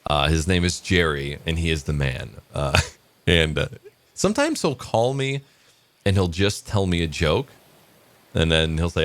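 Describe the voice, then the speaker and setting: A man's voice: sits low, measured pace, fairly bright tone. A man casually telling a long joke and chatting in a morning vlog, rambling with many fillers. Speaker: vlogger.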